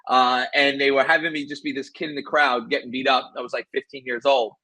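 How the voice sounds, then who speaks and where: A man swapping wrestling stories with lively, boastful energy. He sounds dry and close to the mic, with a voice of middling pitch. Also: brisk, dry recording, rough recording. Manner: animated, boastful storyteller. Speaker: guest, former pro wrestler. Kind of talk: casual interview storytelling.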